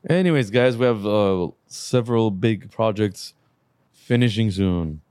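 A man's voice: lowish voice, unhurried, darkish tone, smooth, dry recording, clean studio sound. A man co-hosting a casual podcast, laid-back, swearing now and then and listing things off. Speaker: podcast co-host, car shop owner.

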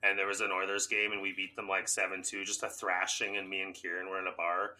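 Man, podcast co-host, hungover, boisterous and profane, very bright tense voice, lowish pitch. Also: completely flat delivery, quick pace. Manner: laughing, swearing, boisterous storyteller. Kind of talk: casual chat.

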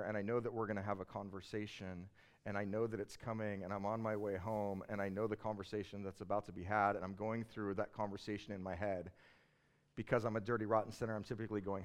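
A man preaching a sermon in a conversational, animated storytelling way. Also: fairly low pitch. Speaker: pastor.

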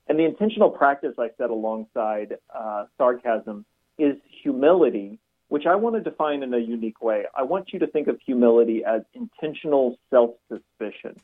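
Pastor-author guest on radio, a man with a husky voice, calm and explanatory, heard over a thin phone line. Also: mid-range voice. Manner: measured, explanatory. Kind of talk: radio interview.

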